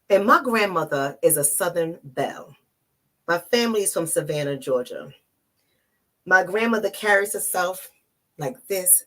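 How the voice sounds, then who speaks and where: A woman from the Bronx speaks straight to her viewers with a husky, slightly breathy voice. Her pitch swings widely as she presses her points home, emphatic and personal. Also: bright, forceful tone. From the Bronx, New York. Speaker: relationship coach. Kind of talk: emotional vlog to camera.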